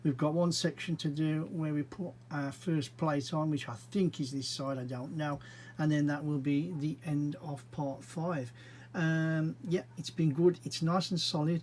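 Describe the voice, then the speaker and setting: A man's voice: on the high side, fairly even intonation, a little mellow, a little hiss or hum, poor audio. A man giving casual, rambling commentary as he narrates his own brick model build. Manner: chatty, rambling, unhurried, with frequent fillers.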